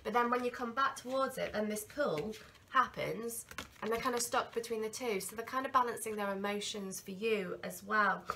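Woman tarot reader with a cold, gravelly and bright, rambling earnestly, faint background hiss. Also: fairly high pitch, normal speed. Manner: rambling, earnest, full of ums and restarts. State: has a cold. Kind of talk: tarot reading to viewers.

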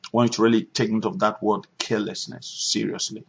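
Gravelly pastor preaching over a dull line. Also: male voice, on the low side, level tone, a little fast. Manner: emphatic, repeats phrases for stress. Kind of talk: sermon and prayer on a conference call. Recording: dull lo-fi conference call recording.

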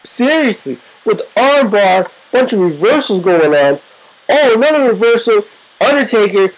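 A woman giving excitable, profane, joking play-by-play commentary over a wrestling video game. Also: mid-range voice, normal speed, rough recording.

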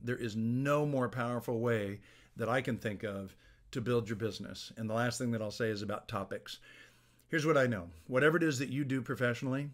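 A middle-aged man talks straight to camera, giving a business coach's casual tips on making videos. He speaks at an ordinary pitch and keeps a loose, friendly, conversational flow with many small restarts and fillers. The sound comes from a small plug-in phone mic in a home office lined with books. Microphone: small plug-in phone microphone.

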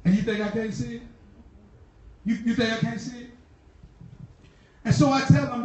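A woman's voice: on the high side, fairly even intonation, moderate pace, pauses often. A woman preacher delivering a sermon, telling stories in a casual, slangy way and repeating key lines with fervent bursts. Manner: fervent, repetitive, shouting bursts, laughs; conversational slang storytelling. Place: church. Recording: echoey hall from far off.

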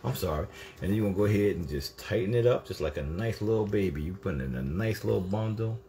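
Woman co-host, very low voice, lively and teasing, casual home cooking chat with noisy kitchen behind. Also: fast.

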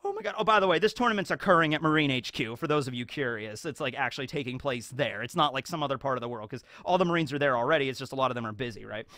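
A man's voice: mid-range voice, rapid-fire, hardly any pauses, no room sound, clean studio sound. A man giving casual, rambling fan commentary as a YouTube commentator, full of fillers. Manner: rambling, filler-heavy, animated.

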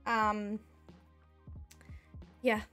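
A woman's voice: mid-range voice, level tone, drawn-out words, pushed and bright, soft background music. A young woman with a Northern Irish accent, chatting casually on a live stream and thanking viewers by name.

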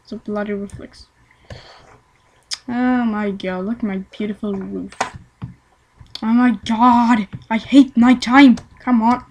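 Slow rambling woman gamer. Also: medium pitch, fairly even intonation, darkish tone, a little hiss or hum, rough recording. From Sweden. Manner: rambling, self-mocking, swears at the game. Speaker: let's play gamer. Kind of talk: casual gameplay commentary.

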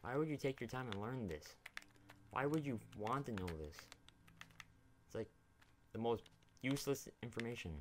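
A young man, a gaming YouTuber, rambles casually while playing a video game, swearing freely and talking to the characters on screen. His mid-range voice has lively intonation and a moderate pace with long pauses, over slight background noise.

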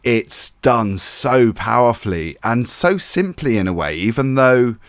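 A man co-hosting a film review show, giving earnest, measured praise in casual chat. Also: mid-range voice, lively intonation, fairly bright tone, no echo, studio quality.

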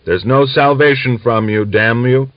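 A man's voice: mid-range voice, unhurried, no echo, voice pushed up, close to an everyday voice. Give me a man doing a resentful old peasant woman with a raised, scolding voice, dry and slightly muffled. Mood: bitter. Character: old village woman, sharp-tongued and grudging.

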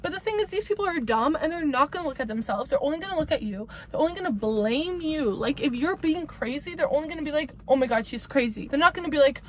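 High-voiced young woman ranting bluntly. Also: lively intonation, quick pace, few pauses, slight background noise. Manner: blunt, emphatic and profane, ranting with repetition. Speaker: vlogger giving breakup advice. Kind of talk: casual advice monologue.

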